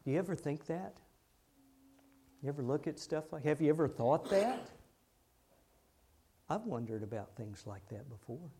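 A man's voice: fairly high pitch, expressive, moderate pace, pauses often, dark tone, breathy edge. A man preaching a sermon in a conversational way, firing rhetorical questions at the congregation.

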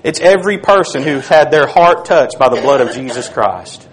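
A man preaching a sermon, reading scripture aloud and dropping to a hush on key phrases. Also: mid-range voice, lively intonation, moderate pace, rough recording.

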